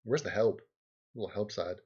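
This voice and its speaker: A man's voice: lowish voice, brisk, a little mellow, husky. Man, livestream host, rambling, sarcastic, laughs often, muffled lo-fi audio. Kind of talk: casual rambling commentary over a game.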